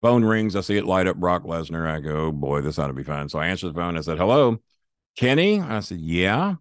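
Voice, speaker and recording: Profane storytelling man, low dry voice. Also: fast, no echo. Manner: profane, animated, acts out quoted voices. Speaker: guest storyteller. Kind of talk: casual storytelling interview.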